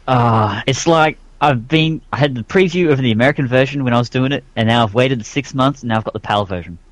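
A man's voice: medium pitch, a little fast. An Australian man chatting as a podcast guest, laid-back and joking at his own expense. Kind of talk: casual chat.

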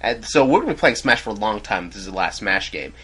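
A young American man rambles in an animated way, his pitch jumping around. His voice is bright and a little husky. It is a loose, casual chat. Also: fast talker, rough recording. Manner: rambling, animated, laughs loudly. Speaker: podcast co-host. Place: dorm room.

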